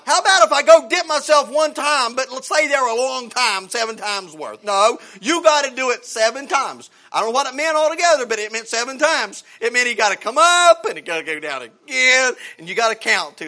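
Man, preacher, very high voice, bright and sharp tone, fervent sermon, folksy phrasing, shouts then hushes. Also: lively intonation, fairly quick, few pauses. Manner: impassioned, swings between shouting and hushed tones; folksy phrasing and rhetorical questions. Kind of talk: evangelical sermon.

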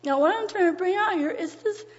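A woman's voice: very high voice, fairly quick. A woman preacher delivering a sermon in an earnest, folksy way, reading scripture aloud in an old-fashioned cadence. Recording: dull lo-fi recording, long hall reverb.

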